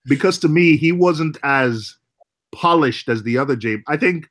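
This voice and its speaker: A man's voice: fairly high pitch, measured pace, fairly bright tone. A man hosting a casual group livestream chat. He laughs easily and trails off and restarts mid-sentence. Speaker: livestream host.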